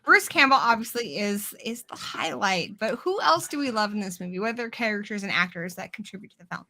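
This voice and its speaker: A woman's voice: mid-range voice, expressive, fairly quick, sharp tone. A woman hosting a casual online chat, enthusiastic and leading the talk. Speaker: host.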